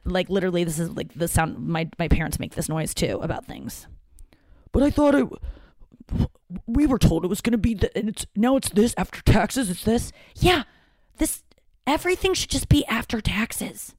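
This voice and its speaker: Low-voiced woman rambling candidly. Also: dry recording. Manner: rambling, candid, swears freely, many restarts. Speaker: podcast host. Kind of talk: casual solo monologue.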